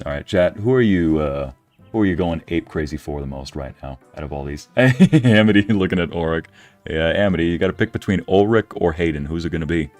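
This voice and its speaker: A man's voice: deep voice, a little fast, soft background music. A man streaming a farming game, chatting casually and joking with his viewers and a friend. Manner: joking, animated, talks to chat.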